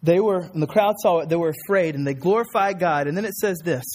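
A man's voice: high-pitched, fast talker, darkish tone. A man in his thirties preaching an earnest sermon in a church, acting out quoted lines and building up emphasis. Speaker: pastor.

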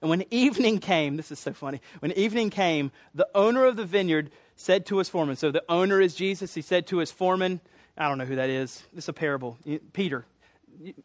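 A pastor with a noticeably high voice delivers a relaxed, conversational sermon. He slips into playful voices for the people in the story and adds joking asides. The sound is dry and close, with little room echo. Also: quick pace. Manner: conversational, acts out quoted voices, jokey asides.

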